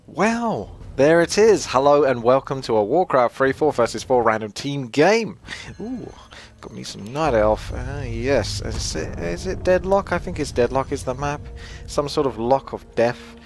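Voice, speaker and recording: A man's voice: measured pace, gravelly, soft background music. Chatty Essex man commentating a game. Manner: chatty, self-mocking, jumps in pitch when excited. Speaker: gameplay commentator. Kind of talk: casual live game commentary.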